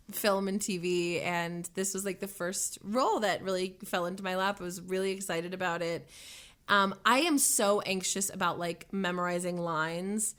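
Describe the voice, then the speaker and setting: A woman's voice: mid-range voice, fairly bright tone. A woman chatting casually as a guest in a radio studio, rambling with lots of fillers, after singing live. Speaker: singer and guest. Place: radio station studio lounge.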